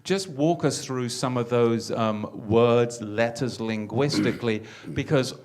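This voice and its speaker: A man of average pitch hosts a religious teaching talk. He speaks in an earnest, preacherly way and often doubles his words as he builds a point. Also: unhurried, darkish tone. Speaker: host.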